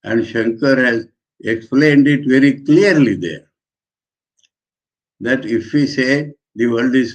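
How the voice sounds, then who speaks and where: A man, a monk giving a measured scripture commentary lecture, pausing between phrases. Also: medium pitch. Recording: dull lo-fi lecture recording.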